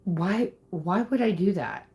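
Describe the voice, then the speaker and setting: A woman's voice: mid-range voice, slow pace, dark tone. A woman ranting angrily at her viewers on a livestream, upset and swearing, threatening people in the chat. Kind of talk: angry livestream rant.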